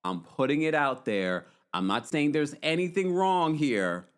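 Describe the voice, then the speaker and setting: A man hosts a casual recap show, talking in a chatty, opinionated way and reading viewer comments aloud. His fairly high voice swoops up and down. He laughs often as he goes. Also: sing-song, a little slow, clear, resonant tone. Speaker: podcast host. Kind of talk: casual reality-TV recap, reading live chat.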